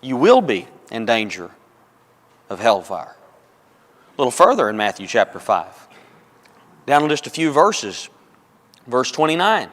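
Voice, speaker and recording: This preacher has a medium-pitched, slightly bright voice and is very animated, speaking a little slowly with long pauses. In a church auditorium with long hall reverb, he emphatically repeats phrases and addresses his congregation as folks and brethren.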